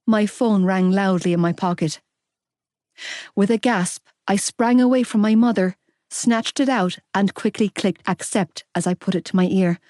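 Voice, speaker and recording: Woman reading an audiobook, mellow warm tone, dry close studio sound. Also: mid-range voice, moderate pace, no room sound. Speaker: audiobook narrator. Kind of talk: scripted narration.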